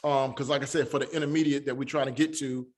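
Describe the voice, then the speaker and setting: Male online teacher: halting delivery, many fillers, slow syllable drills. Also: mid-range voice, flat delivery. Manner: spells out sounds slowly. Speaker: Hebrew teacher.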